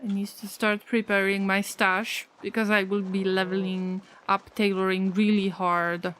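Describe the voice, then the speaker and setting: A woman's voice: mid-range voice, level tone, normal speed, fairly bright tone. A woman streaming a survival game in casual chat, reacting aloud, laughing often and mooing at the cows. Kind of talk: casual live-stream commentary.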